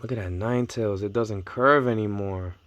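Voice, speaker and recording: A young man vlogging casually about his card collection, talking in excitable bursts and repeating his amazement. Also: fairly low pitch, fairly quick, no room sound. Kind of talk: casual unboxing chat.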